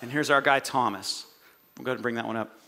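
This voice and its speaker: A male pastor preaching a sermon, telling the story with animated energy and jokey asides. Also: mid-range voice, fast, vocal fry.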